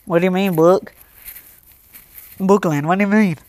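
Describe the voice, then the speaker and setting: Teen boy livestreamer, high and smooth, dry close sound, chats straight to viewers and flares up fast. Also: steady tone, a little mellow, no room sound. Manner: talks straight to chat, quick to anger, protective. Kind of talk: casual livestream chat.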